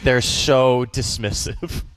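A young man with a light Boston accent, a comedian chatting as a guest on a radio interview. He is animated and jokey, now and then acting out bits of dialogue in his stories. His voice sits at an ordinary middle pitch. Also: slow, smooth, no room sound. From Boston area. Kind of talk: casual interview chat.

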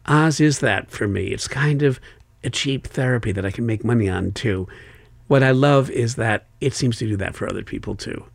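A man's voice: medium pitch, moderate pace, vocal fry, no echo. An older man, an author being interviewed, talking in a thoughtful, wry and expansive way. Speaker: author guest. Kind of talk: conversational interview.

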